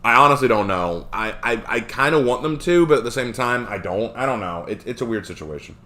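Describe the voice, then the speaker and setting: A man streaming live, reading and answering chat questions in a rambling, animated way with frequent fillers. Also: medium pitch, brisk.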